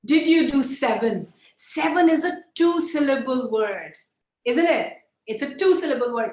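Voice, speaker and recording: High-voiced woman teaching a puppetry class. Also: measured pace, reverberant, low-quality recording. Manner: lively, demonstrative, coaxing the group to join in. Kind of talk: online workshop instruction.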